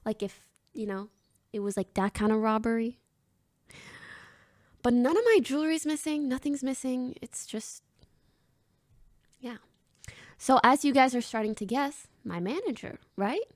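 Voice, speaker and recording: A woman's voice: fairly high pitch, unhurried, pauses often, no room sound, clean studio sound. A young woman streamer casually telling her chat a story, swearing freely and acting out what people said. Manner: animated, swears freely, acts out quoted lines.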